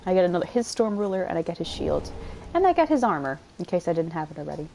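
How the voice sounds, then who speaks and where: A young woman giving casual gameplay commentary, thinking aloud and pausing on fillers while she eats dinner. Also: lowish voice, very animated, vocal fry, warm tone, a little hiss or hum. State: eating while talking. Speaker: gameplay streamer.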